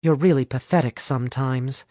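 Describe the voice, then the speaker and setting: A man voicing a sharp-tongued young female student who can read minds and scolds bluntly in a storybook reading. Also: very deep voice, fairly even intonation, normal speed, dry recording, clean studio sound. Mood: scolding.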